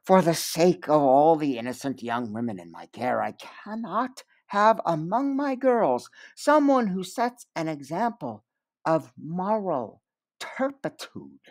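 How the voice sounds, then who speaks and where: A man reading aloud, voicing a sly male mill overseer who speaks slowly with false solemn regret. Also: fairly high pitch, sing-song, no room sound, voice pushed up, heavily acted. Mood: oily regret. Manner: slow, solemn, oily.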